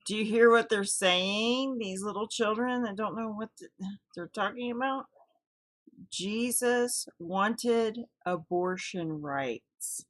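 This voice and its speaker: A woman casually commenting over protest footage with relaxed, chatty religious asides. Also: medium pitch, slow, rough recording. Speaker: video commentator.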